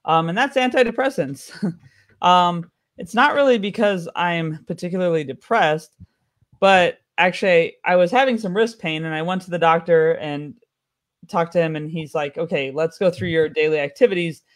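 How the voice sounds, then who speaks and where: A man's voice: high voice, normal speed, fairly bright tone. An American man performing a stand-up comedy set with a wry, offhand delivery. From United States.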